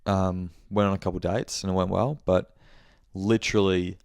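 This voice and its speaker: A young man with a deep, gravelly, slightly mellow voice hosts a podcast, speaking at normal speed in a level tone. He rambles through a story in a casual monthly check-in chat, swearing and correcting himself along the way. The recording is dry and studio quality.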